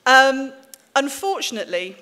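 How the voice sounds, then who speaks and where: A woman author in her forties, from the English-Welsh border country, reading a memoir aloud to an audience in a wry, measured way with dry asides. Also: high voice, very animated, bright, forceful tone. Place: stage in a hall. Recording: reverberant hall.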